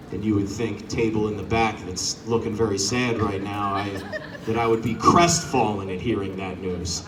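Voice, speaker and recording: A man's voice: lowish voice, moderate pace, roomy sound, distant mic, noisy background. A man doing a stand-up set outdoors, teasing the crowd and acting out characters. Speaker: stand-up comedian. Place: outdoor show on a front lawn. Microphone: corded handheld mic.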